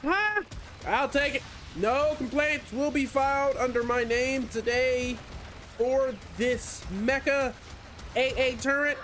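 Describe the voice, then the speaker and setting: A man's voice: very high-pitched, takes it slowly. A man streaming a video game, chatting in a rambling, profane, self-deprecating way while he plays. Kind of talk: casual gaming stream chat. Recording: steady background noise.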